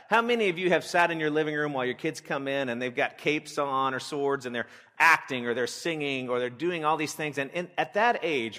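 A man's voice: on the high side, a bit bright. Candid man preaching in a reverberant hall. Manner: candid and conversational, with rhetorical questions. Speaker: pastor. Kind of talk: sermon teaching for parents. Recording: long reverb of a church hall.

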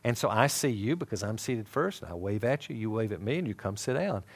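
With a fairly low voice and a fairly quick pace, a man gives a Bible lesson like a sermon, animatedly telling stories and performing the dialogue.

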